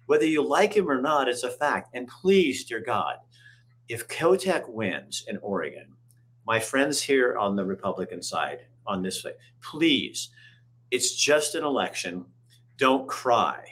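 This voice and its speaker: A man's voice: mid-range voice, a bit bright. Casting: a man in mid-range voice, hosting a loose political talk, emphatic and storytelling. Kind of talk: casual political chat. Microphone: camera on a video call.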